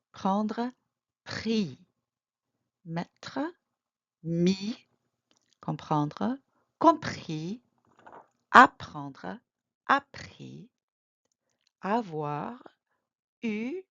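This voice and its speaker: Woman teacher, low and gravelly, patient and clear, lo-fi recording. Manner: patient, clear, repeats examples, gives firm study advice. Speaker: French teacher. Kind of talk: recorded language lesson. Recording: slightly dull lo-fi sound.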